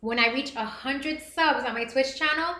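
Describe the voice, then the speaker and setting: A woman's voice: high-pitched, moderate pace, sharp tone, roomy sound. A woman hosting a live stream, reading chat messages aloud and talking earnestly and emotionally. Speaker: livestream host reading chat. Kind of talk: casual live-stream talk.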